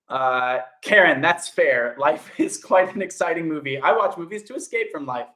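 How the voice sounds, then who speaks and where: The young actor's voice is a little high, animated, and fairly bright as he talks at a normal speed. Streaming from an echoey indoor room at home, he replies to comments and greets viewers by name in an upbeat tone.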